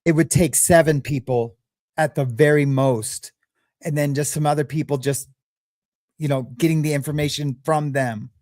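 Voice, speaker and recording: A man's voice: a little high, fairly even intonation, moderate pace, darkish tone, no room sound, clean studio sound. A man commenting bluntly and mockingly over news clips in casual talk. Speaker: streamer reacting to a news clip.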